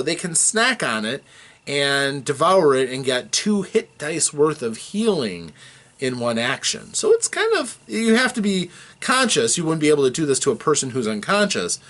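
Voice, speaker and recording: A man narrates a tabletop session recap as its game master, his voice swooping up and down as he tells it. He chuckles and restarts now and then, in a casual, storytelling way. His pitch sits in an ordinary middle register. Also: a bit bright.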